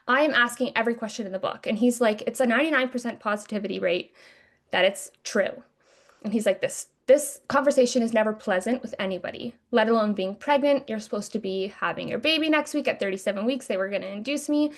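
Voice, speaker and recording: A woman's voice: fairly high pitch, fast talker. A young woman hosting a podcast, candidly retelling a painful personal story and acting out the quotes, with casual swearing. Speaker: podcast host.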